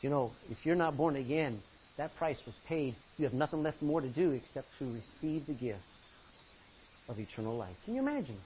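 A male pastor preaching a sermon from the front of a church, impassioned, swinging from loud pleading to low intensity. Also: very animated, fairly quick. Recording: dull lo-fi recording with faint hiss.

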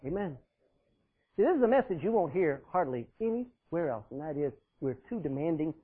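Husky-voiced preacher on a tinny line. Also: male voice, fairly high pitch, sing-song, fairly quick. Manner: emphatic, swings between loud and quiet. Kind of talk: sermon. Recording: tinny phone-like sound.

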